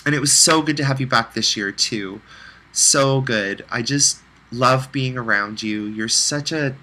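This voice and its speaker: A man's voice: medium pitch, pushed and bright, rough recording. A man recording a heartfelt, rambling personal video message, close to tears at times.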